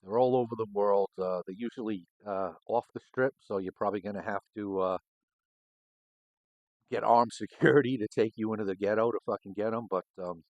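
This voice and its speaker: Middle-aged ex-cop host with a lowish voice, dry close sound, swears freely and rambles through anecdotes. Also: male voice, fairly even intonation, a little fast, darkish tone, no echo, muffled recording. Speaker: cigar show host, former homicide detective. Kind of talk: casual storytelling.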